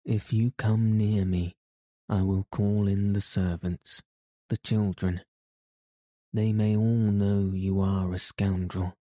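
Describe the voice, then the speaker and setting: Male narrator doing a cold, reproachful wronged wife for an audiobook; low and unhurried. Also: little pitch movement, mellow, no room sound, clean studio sound. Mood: bitter. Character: bitter betrayed wife, grown woman. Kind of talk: audiobook reading.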